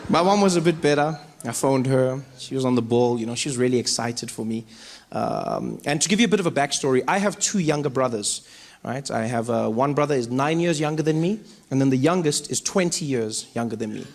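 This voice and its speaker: A man doing stand-up comedy on a stage, animated and acting out voices and sounds. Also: mid-range voice, brisk. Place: comedy stage before audience.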